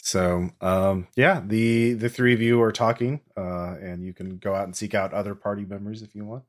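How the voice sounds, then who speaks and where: GM, male, very deep voice, hesitant, moody narration of a tabletop game. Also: fairly even intonation. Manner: halting, many ums, slow and atmospheric. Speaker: game master.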